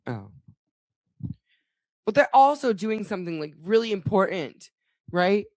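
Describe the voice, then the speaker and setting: A woman's voice: medium pitch, big pitch swings, measured pace, a little mellow, no echo. A woman co-hosting a podcast in casual chat, ranting and swearing with mock outrage. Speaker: podcast co-host.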